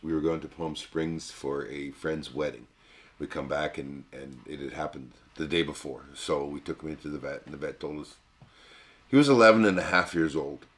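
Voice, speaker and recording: An older man co-hosting a casual podcast, talking in a folksy, halting way with many restarts. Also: rumbling low, fairly bright tone. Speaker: podcast co-host. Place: cabin.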